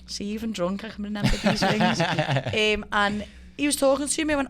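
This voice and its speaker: A woman's voice: medium pitch, moderate pace, few pauses, noisy background. A woman in her thirties with a Liverpool Scouse accent, telling stories in a casual chat as a guest, swearing freely and acting out quotes. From Liverpool, England. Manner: lively storyteller, swears freely, acts out quotes. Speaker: guest, professional fighter.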